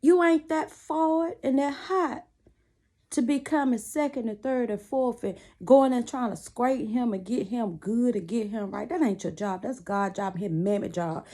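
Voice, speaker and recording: A woman's voice: mid-range voice, moderate pace, hardly any pauses, dark tone. A woman chatting casually to camera from a small cluttered room at home, giving sassy, preachy relationship advice while she laces shoes. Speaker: vlogger.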